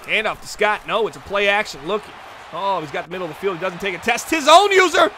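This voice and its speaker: Excitable male stream host calling play-by-play; high, bright, forceful voice, talks to the chat. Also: fast talker, a little hiss or hum. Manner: excitable, chatty, talks straight to the chat viewers. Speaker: livestream host and commentator. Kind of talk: play-by-play commentary on a football video game stream.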